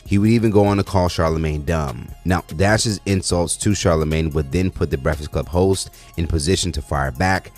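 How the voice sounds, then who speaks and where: A man with a very deep voice narrates a news video in an even, reporting tone. Faint music plays under his voice. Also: moderate pace, hardly any pauses. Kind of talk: scripted narration.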